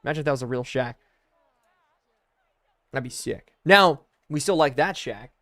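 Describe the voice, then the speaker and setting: A young man streaming a football video game live, calling plays, shouting in excitement and thanking chat. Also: medium pitch. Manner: excitable, bursts into loud exclamations, thanks viewers rapidly. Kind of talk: live stream commentary while reading chat.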